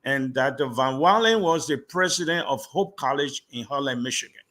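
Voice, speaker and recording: A man's voice: medium pitch, expressive, moderate pace, bright, forceful tone. A middle-aged pastor from Liberia, a guest telling his life story in an interview and animatedly acting out the dialogue he recalls.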